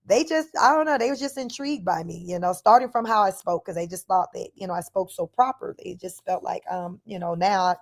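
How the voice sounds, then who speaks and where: A middle-aged livestream host from Northern California, with a Bay Area accent and a slight Southern twang, tells stories casually and laughs often. Her medium-pitched voice moves a little fast with hardly any pauses, and she animatedly reads chat comments aloud.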